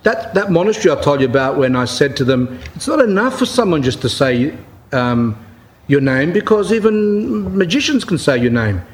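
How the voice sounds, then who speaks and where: A man's voice: big pitch swings, normal speed. Emphatic man giving a spoken sermon. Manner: conversational, emphatic, rising pitch when stressing points; reads aloud from a written account then paraphrases it. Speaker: Orthodox Christian speaker giving a talk. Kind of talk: informal spoken sermon with anecdotes.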